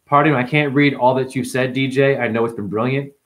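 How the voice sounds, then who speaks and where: A man's voice: medium pitch, steady tone, a little fast, fairly bright tone. A man hosting a livestream, casually reading out chat comments and joking with viewers by name. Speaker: livestream host.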